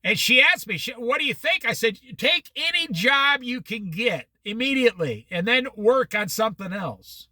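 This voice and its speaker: A man's voice: extremely high pitch, very animated, normal speed, few pauses, sharp tone, no echo. A middle-aged American man telling rambling personal stories in a casual monologue. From United States. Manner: rambling, anecdotal, with restarts and quoted dialogue.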